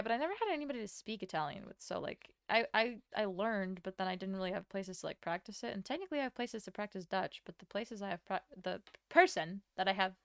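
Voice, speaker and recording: Drawing on stream, a young woman whose native tongue is Latvian chats loosely, answers her viewers, and curses occasionally. Her medium-pitched voice is smooth and fry-tinged, captured in clean studio sound without room echo.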